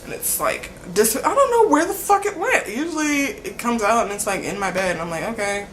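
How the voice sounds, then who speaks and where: A woman's voice: on the high side, animated, fairly quick, a bit bright, a little hiss or hum. A young woman rambling casually in a vlog, filling nearly every phrase with "like" and laughing between sentences. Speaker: vlogger.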